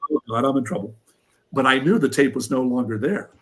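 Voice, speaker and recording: An older man from Pennsylvania, a former wrestler and coach, telling stories in an interview with lively energy. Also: medium pitch, fairly quick. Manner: animated storyteller who acts out what others said. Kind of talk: storytelling in an interview.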